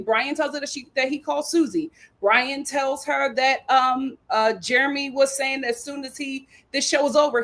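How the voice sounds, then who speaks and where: A young woman, retelling a reality show episode as host in casual, sassy commentary. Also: fairly high pitch. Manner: animated storytelling with sassy asides.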